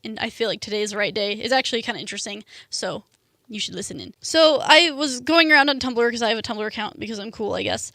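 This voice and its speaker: A woman's voice: on the high side, bright, forceful tone, no room sound, clean studio sound. A young adult woman hosting a student radio show, talking casually with lots of fillers like "like" and "um". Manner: chatty, lots of "like" and "um".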